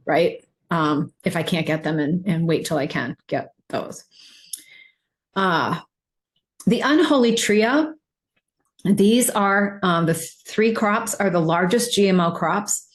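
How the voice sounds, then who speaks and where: A woman's voice: fairly low pitch, animated, measured pace. A woman nutrition coach, talking casually over slides, rambling with many fillers and restarts.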